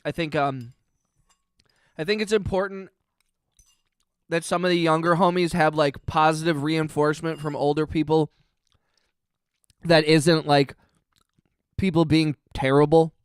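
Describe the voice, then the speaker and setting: A man hosts a casual livestream, reading out chat and cracking sarcastic jokes. His voice is a touch high and very smooth. It is recorded close to the mic with a dry, roomless sound. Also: fairly even intonation, a little slow, long pauses, dry recording. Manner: joking, sarcastic, reads chat aloud. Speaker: livestream host. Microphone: close mic on stream.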